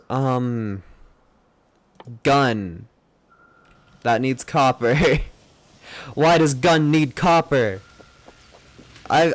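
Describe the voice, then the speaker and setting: A young man streaming a game live, rambling and joking at himself as he plays. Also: medium pitch. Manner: rambling, self-mocking, muttering to himself. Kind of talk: live gameplay commentary.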